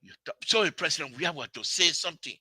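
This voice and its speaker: Liberian man, radio commentator: high-pitched, piercing tone, hammers repeated lines in a heated political rant. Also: animated, fast, pushed and bright, husky, dry recording. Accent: Liberian English. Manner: repeats phrases, scolds and mocks.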